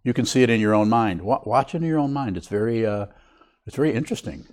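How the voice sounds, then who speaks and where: An older man, a Buddhist teacher, giving a reflective, unhurried dharma talk to a meditation group. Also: mid-range voice, lively intonation, a little mellow.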